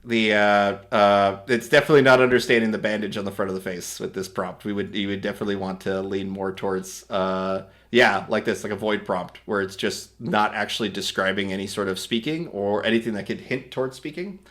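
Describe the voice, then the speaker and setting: A man's voice: lowish voice, fairly even intonation, brisk, few pauses, a bit bright. Rambling man walking through a tutorial. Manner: rambling and self-correcting, explaining step by step. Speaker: host demonstrating an AI video tool. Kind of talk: casual screen-recorded tutorial.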